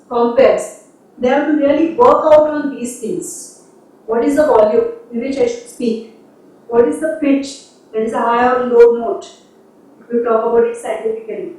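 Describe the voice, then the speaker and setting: Indian English woman lecturer, high voice, distant mic in a very echoey room, explanatory classroom delivery. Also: darkish tone. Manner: explanatory, laughs between points, quotes examples in Hindi. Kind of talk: university lecture.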